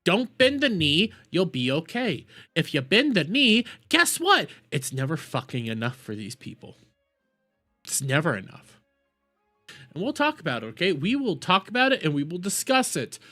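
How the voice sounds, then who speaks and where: A man hosting a live stream, ranting loudly and swearing as he repeats his points. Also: sits high, wildly swooping pitch, normal speed, faint music behind. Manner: loud profane ranting, repeats himself. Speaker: streamer host.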